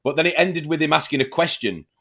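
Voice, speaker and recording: A man hosting a casual chat, jokey and quick to jump in. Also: fairly high pitch, a bit bright, slightly rough. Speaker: host.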